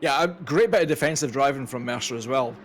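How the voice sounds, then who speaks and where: A man's voice: mid-range voice, fast, a little hiss or hum. Dry co-commentator man. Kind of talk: live race commentary.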